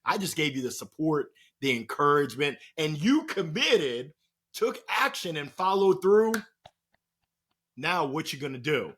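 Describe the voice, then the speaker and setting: A man speaking as a podcast guest and motivational speaker, telling stories in a playful, animated way and acting out the voices of the people he quotes. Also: a little high, measured pace, breathy edge. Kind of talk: energetic storytelling conversation.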